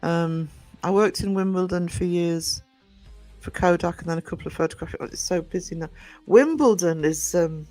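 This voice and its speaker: A middle-aged man from the North East of England with a soft Northumbrian accent, talking in a fairly high voice. He rambles through a casual livestream chat full of fillers and restarts. Faint music plays under him. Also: dry recording. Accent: Northumbrian English. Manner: rambling, greets chatters by name, many fillers and restarts. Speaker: livestream host. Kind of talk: casual chat to live viewers.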